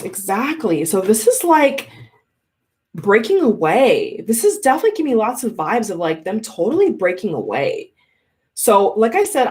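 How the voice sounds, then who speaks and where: A woman reading tarot cards in a chatty, casual monologue, often repeating words and restarting her sentences. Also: mid-range voice. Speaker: tarot reader.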